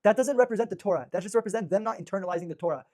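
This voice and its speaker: A male rabbi leading a lively, informal class. He talks quickly in a fairly high voice, full of restarts and fillers as he presses each point. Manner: energetic, rapid, many restarts and fillers. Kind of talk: informal religious lecture.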